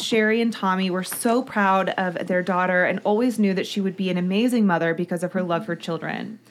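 A woman co-hosting a true-crime podcast, telling the case in a chatty, casual way. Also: medium pitch. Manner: chatty, storytelling. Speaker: podcast co-host.

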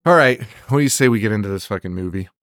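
A man's voice: on the low side, animated, rapid-fire, fairly bright tone, no echo, clean studio sound. A man co-hosting a horror movie podcast in casual chat, laughing often and swearing as he rants. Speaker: podcast co-host.

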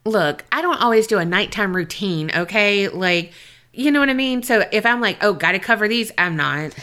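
A woman co-hosting a podcast, chatting casually and reading listener mail, animated and quick to laugh. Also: mid-range voice, clear, resonant tone. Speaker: podcast co-host.

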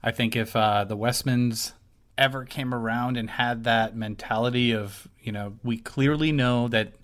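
A man's voice: medium pitch, fairly even intonation, unhurried, fairly bright tone. A man co-hosting a podcast, talking casually and rambling as he searches for words. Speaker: podcast co-host. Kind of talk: casual discussion.

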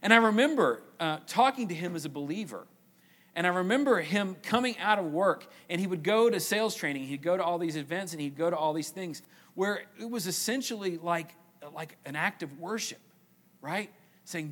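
Preaching in church, a high-voiced man leans on phrases through slow repetition and lets the ends of lines fade quietly. His delivery is expressive.

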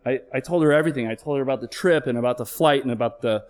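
A middle-aged man, a flight paramedic, telling a true personal story on stage, candid and emotional, swearing now and then and slowing down for emphasis. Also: mid-range voice, darkish tone, clean tone.

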